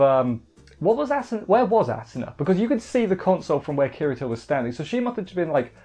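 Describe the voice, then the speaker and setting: A man casually reviewing an anime episode in an excitable, rambling way, often restarting his sentences. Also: fairly high pitch. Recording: slightly muffled with faint background music.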